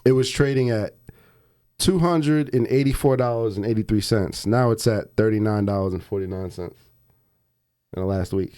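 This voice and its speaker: A man's voice: on the low side, mellow, clear, resonant tone. A young man co-hosting a podcast, chatting casually, often stumbling and repeating words. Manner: halting, repeats words, reads out figures. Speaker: podcast co-host. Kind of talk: casual chat.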